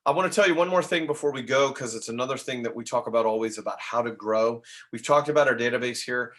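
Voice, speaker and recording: A middle-aged man giving casual coaching talk to real estate agents, chatty and animated, acting out phone calls. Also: mid-range voice, fast talker.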